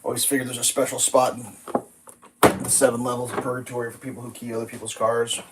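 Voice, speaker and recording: Over heavy background noise, a man with a mid-range voice talks quickly while making pancakes at his kitchen griddle. The vlogger's chat is casual and rambling, his storytelling animated and profane.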